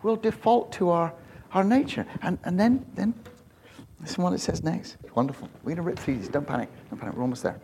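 A man preaching a conversational sermon in a church, joking and animated, with self-deprecating asides. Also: sits high, brisk, gravelly, slight background noise. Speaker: pastor.

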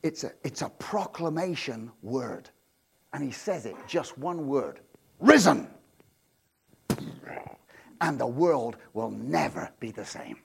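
A man preaching a sermon, swinging between loud proclamations and quiet asides, often repeating and restarting words. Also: mid-range voice, expressive, a little slow, vocal fry, slightly rough. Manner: self-interrupting, repeats words. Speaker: pastor.

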